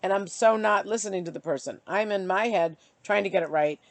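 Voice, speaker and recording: A woman vlogging casually to camera, reflecting out loud in a halting, searching way with many pauses and fillers. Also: medium pitch, no echo. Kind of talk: casual self-reflective vlog. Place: bright outdoor spot.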